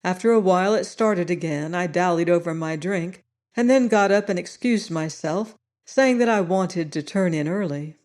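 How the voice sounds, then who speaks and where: A woman reading a story aloud as an audiobook narrator, steady and unhurried. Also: lowish voice.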